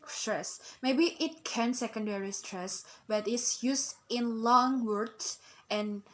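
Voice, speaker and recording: Slow, hesitant young woman student. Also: fairly high pitch, a bit bright, low-quality recording. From Indonesia. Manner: hesitant, with many fillers and restarts. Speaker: student presenter. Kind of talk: recorded class presentation. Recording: background music.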